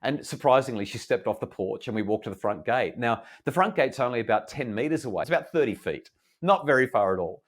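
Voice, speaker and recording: A middle-aged Australian man, a parenting expert, calmly and earnestly telling a family story in an interview. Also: medium pitch. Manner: calm, earnest, measured retelling.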